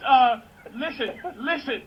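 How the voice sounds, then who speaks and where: A man's voice: very high-pitched, slow pace, lo-fi sound, slight background noise. A man hosting a radio talk show, blunt, profane and pushy as he grills a caller. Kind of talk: loud raunchy radio banter.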